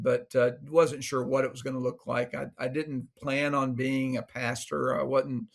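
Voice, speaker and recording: Man, 60s, pastor, easygoing interview talk, stop-start phrasing, medium pitch. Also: gravelly. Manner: chuckling, restarts often.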